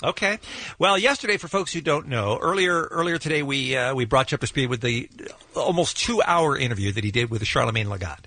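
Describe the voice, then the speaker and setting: A man's voice: medium pitch, lively intonation, brisk, sharp tone, dry recording. A man co-hosting a radio show in casual chat, explaining news with chatty hesitant restarts.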